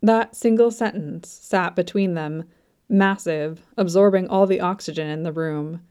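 A woman narrates a story in a soft, even manner, her voice low and mellow. She reads slowly and unhurriedly, without pushing. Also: clean tone. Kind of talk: scripted narration.

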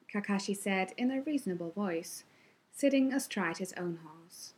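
A woman narrating a story in an even, measured reading voice. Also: fairly low pitch.

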